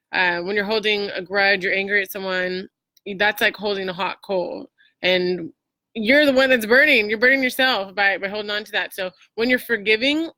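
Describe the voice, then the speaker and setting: Bright-voiced woman hosting a motivational talk. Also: mid-range voice, no echo. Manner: chatty, many fillers and restarts. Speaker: host.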